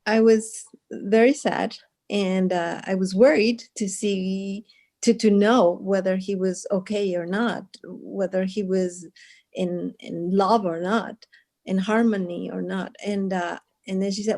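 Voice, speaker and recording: A woman's voice: mid-range voice, slow, darkish tone. A woman from Guatemala, a guest telling a personal story in a casual interview, earnest and often laughing, with many restarts.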